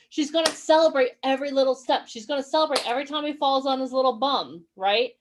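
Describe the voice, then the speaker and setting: High-voiced, upbeat woman coaching online. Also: quick pace, few pauses. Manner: energetic, encouraging, keeps asking the audience questions. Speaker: acting and modeling coach. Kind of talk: motivational workshop talk.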